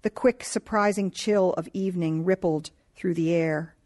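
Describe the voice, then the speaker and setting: A woman narrating a novel in a calm, measured reading voice. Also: lowish voice. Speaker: audiobook narrator. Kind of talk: scripted narration.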